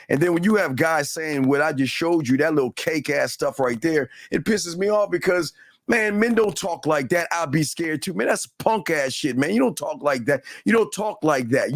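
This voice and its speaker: A man's voice: fairly high pitch, no room sound, clean studio sound. A man hosting a show, giving heated, blunt and profane commentary in a ranting, repetitive way. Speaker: host.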